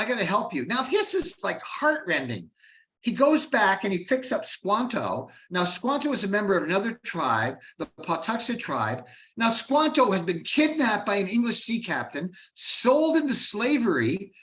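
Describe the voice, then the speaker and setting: A man with a fairly high voice gives an informal history lecture. He talks in a chatty way, drops in asides and rhetorical questions, and often trails off into fillers. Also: a bit bright. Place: Canada.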